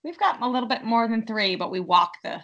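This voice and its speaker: A woman co-hosting a podcast in casual chat, brisk and upbeat as she prompts the others. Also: on the high side, animated, fairly bright tone, lo-fi sound. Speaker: podcast co-host.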